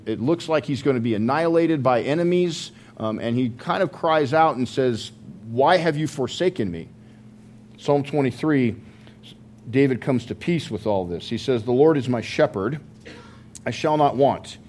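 A man's voice: mid-range voice, a little mellow, a little hiss or hum. A man preaching a sermon as pastor, in a conversational way with joking asides, at a church service.

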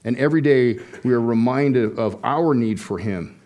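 A middle-aged man preaching to a congregation, moving between a personal mission story and an earnest call to faith. His pitch is mid-range, and he talks in a loose, conversational way, with frequent ums and restarted phrases. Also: normal speed, darkish tone. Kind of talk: sermon testimony.

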